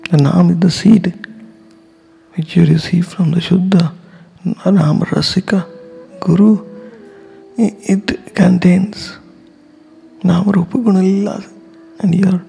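A man giving a slow, emotional devotional talk, often dropping to a whisper and chanting. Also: high-pitched, fairly even intonation, creaky, warm tone, slightly rough, faint music behind. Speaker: spiritual teacher.

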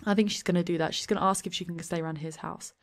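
A young woman giving chatty let's play commentary, often slipping into quick asides in her characters' voices. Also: on the low side, fairly even intonation. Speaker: gameplay commentator. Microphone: desk USB microphone.

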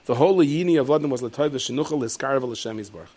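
A man giving a lively Torah lecture as a rabbi, jumping into high, loud voices when he tells stories. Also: fast talker. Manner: lively storyteller, leaps into high shouted voices for characters. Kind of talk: animated Torah lecture with storytelling.

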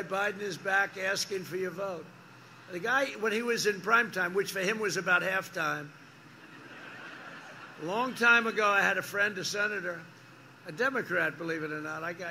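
An older man holds forth at an outdoor campaign rally with a rambling, repetitive delivery, drifting into digressions and mocking acted-out exchanges. His voice sits fairly high and has a piercingly bright, forceful edge. A faint hum of ambience sits behind him. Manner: mocking and boastful, acting out quoted exchanges. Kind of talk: off-the-cuff rally speech.

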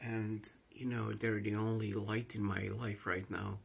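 A man's voice: fairly low pitch, level tone, a little slow, creaky, a little hiss or hum. A man with a Croatian accent, distressed, rambling and repeating himself in an emotional confessional vlog monologue. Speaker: vlogger.

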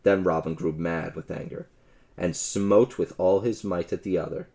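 Deep, dark-voiced male storyteller. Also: normal speed, gravelly. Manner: expressive, old-fashioned storytelling. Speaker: audiobook narrator. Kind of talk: storybook audiobook narration.

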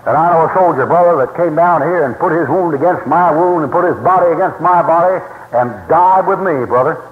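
A man with a fairly high voice preaches, telling stories in a folksy, emphatic way. His voice fills a roomy hall, and the long reverb trails after each phrase. The 1960s recording is thin and tinny. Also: fairly quick. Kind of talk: sermon.

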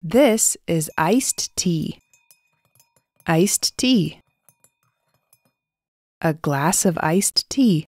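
A woman calmly names pictures for beginner learners, slowly and clearly, repeating each key word. The recording is dry and close, with no room sound. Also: lowish voice, no echo. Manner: clear, repeats single words. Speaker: English teacher. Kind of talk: slow picture-description narration.

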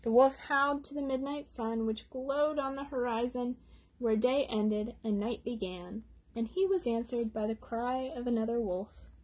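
A woman reading a children's picture book aloud at storytime, gently pausing to explain words for young listeners. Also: a little high. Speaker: storytime reader.

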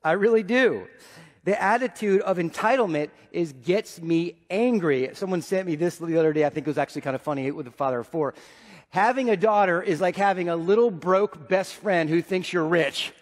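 Pastor, man in his 40s, higher voice, preaches with big loud-to-hushed swings, church hall reverb. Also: fairly quick. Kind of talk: sermon. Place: church sanctuary.

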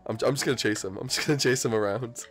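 A young man giving excited gameplay commentary, hyped and repetitive, trash-talking and shouting in triumph. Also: medium pitch, very fast, faint music behind. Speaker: gaming YouTuber.

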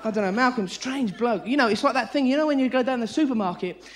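A middle-aged man doing a frantic live stand-up routine, breaking into sudden high yelps, on a large theatre stage. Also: fast talker, heavy background noise. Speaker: stand-up comedian. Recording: live theatre audio with loud audience laughter.

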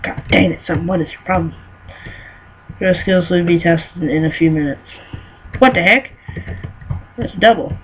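Excitable male gamer, lo-fi recording. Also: sits high, moderate pace, long pauses. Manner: excitable, mock-scolding, shouted exclamations. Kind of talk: let's play commentary. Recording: dull lo-fi recording with faint noise.

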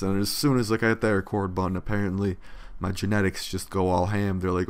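Gravelly young man rambling over gameplay. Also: low voice, steady tone, a little fast. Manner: rambling, profane, yawning often. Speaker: let's play commentator. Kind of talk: casual gameplay commentary.

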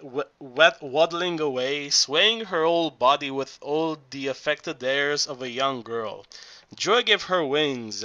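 A man narrating an audiobook in a halting reading voice, often stumbling and restarting words. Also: fairly high pitch, bright, forceful tone, no room sound, muffled recording.

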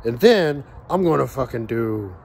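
A man mimicking his clueless boomer dad. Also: expressive, a little slow, vocal fry, darkish tone, a little hiss or hum. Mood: boastful. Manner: boastful, dim. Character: clueless middle-aged boomer dad grilling.

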